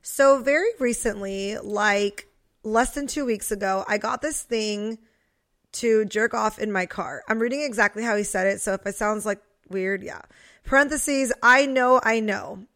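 A woman's voice: medium pitch, unhurried, fairly bright tone. A woman co-hosting a podcast in casual chat, candid and chatty, now and then reading a listener's message aloud. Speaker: podcast co-host.

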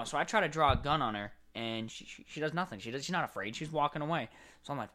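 A man co-hosting a casual podcast, telling animated gaming stories and acting out scenes. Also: a little high, fast talker. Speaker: podcast co-host. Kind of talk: casual chat.

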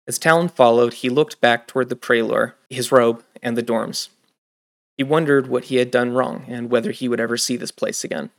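A man reading a fantasy audiobook in steady scripted narration. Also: medium pitch, normal speed. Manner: steady storytelling.

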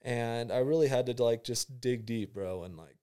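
A man's voice: medium pitch, moderate pace, dark tone, clean tone. A young man, a college football player, telling a story in casual chat with slang and acted-out reactions. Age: young adult. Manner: laid-back storytelling, slangy, acts out his own reactions.

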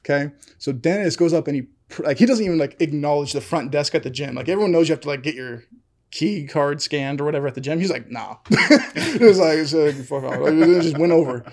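A man's voice: a little high, a little mellow. A young man telling a long story on a casual podcast chat, full of fillers, laughing often. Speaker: podcast co-host.

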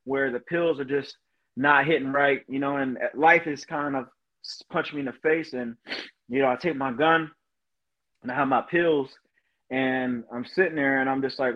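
In a medium-pitched voice with fairly even intonation and normal speed, a man who is a Marine veteran and motivational speaker tells his own story as a podcast guest. He sounds earnest and emotional, frequently saying "you know," and the audio is dull.

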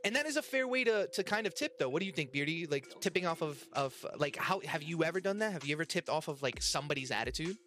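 A man's voice: on the high side, animated, quick pace, few pauses, pushed and bright. A man with an American accent, co-hosting a podcast, chatting casually about restaurant serving in a rambling way full of restarts. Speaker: podcast co-host and restaurant server. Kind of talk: casual chat.

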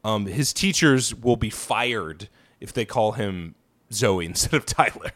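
Low-voiced man ranting casually. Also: lively intonation, a little slow, fairly bright tone. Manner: ranting, profane, laughs often. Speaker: podcast co-host. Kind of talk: casual political chat.

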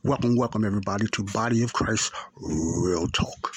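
A man's voice: lowish voice, moderate pace, heavy background noise. A man, hosting a faith podcast and telling a story in a rambling, repetitive way. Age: 50s. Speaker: podcast host. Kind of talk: casual spoken testimony.

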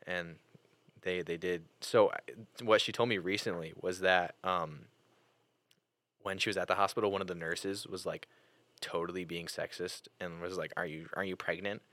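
A young man hosting a podcast, telling personal stories in casual chat, animated and full of fillers and restarts. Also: sits low, normal speed, no room sound. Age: young adult. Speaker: podcast host.

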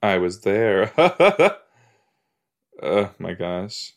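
Slow, low-voiced man chatting casually. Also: very animated. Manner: rambling, full of "like" and "you know"; exclaims and repeats himself while reacting. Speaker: podcast host reacting to a TV episode. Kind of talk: casual watch-along chat.

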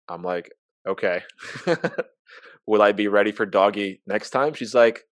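A man's voice: on the low side, unhurried, dry recording. A young man telling an embarrassing personal story in casual chat, candid and self-mocking, acting out the dialogue.

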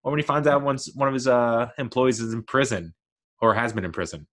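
A man's voice: lowish voice, a little slow. A man talking casually as a video host, rambling and correcting himself, with frequent chuckles. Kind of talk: casual commentary.

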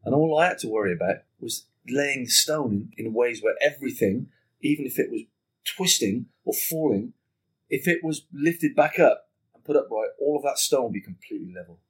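A man guest on a podcast, telling a story in casual conversation, animated and swearing freely while acting out what people said. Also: mid-range voice, moderate pace, breathy edge.

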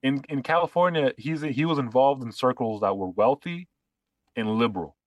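A man holds forth on a political podcast, sarcastic and full of restarts as he builds his point. His voice sits at an ordinary pitch, recorded dry and close with no room sound. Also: moderate pace, dry recording, highs cut off. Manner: sarcastic, talks in long runs with restarts. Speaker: podcast co-host. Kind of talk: casual political chat.

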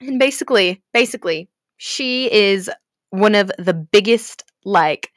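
A young woman gushing about a book to her viewers, swearing freely and swinging between gasps, whispers and shouts. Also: medium pitch, lively intonation, a little slow, no echo, clean studio sound. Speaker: fanfiction vlogger. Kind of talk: emotional casual rant about a book.

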